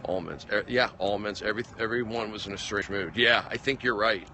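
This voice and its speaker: A man's voice: lowish voice, brisk. Brief: male comedian livestreaming from his phone, rambling and repeating himself, traffic noise behind. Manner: gets worked up and loud. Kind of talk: casual livestream storytelling.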